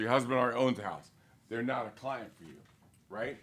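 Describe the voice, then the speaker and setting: A man's voice: medium pitch, expressive, brisk, fairly bright tone. A man leading a live sales training for real estate agents in a corporate studio, talking in an emphatic, punchy way and firing off rhetorical questions.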